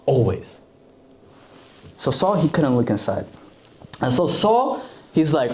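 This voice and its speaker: A man's voice: mid-range voice, big pitch swings, normal speed, long pauses, a little mellow. A young man preaching a casual sermon with a mid-range voice. He talks in everyday slang, full of filler words. He jumps in and out of voices for the people in the story. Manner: slangy and conversational, acts out the story characters. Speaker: youth preacher.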